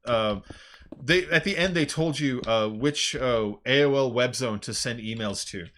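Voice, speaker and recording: A man streaming a game, chatting casually in a rambling, animated way with lots of fillers and laughs. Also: mid-range voice, measured pace. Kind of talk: casual chat while playing a game.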